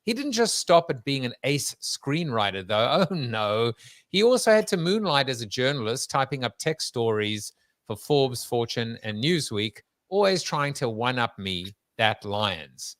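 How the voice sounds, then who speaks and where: A man's voice: mid-range voice, very animated, a little slow, a bit bright, dry recording. A brash, self-important startup mentor, as a man puts him on, bragging and taking jabs with swagger. It sits close to the man's own mid voice, recorded dry and close with hardly any room sound. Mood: boastful.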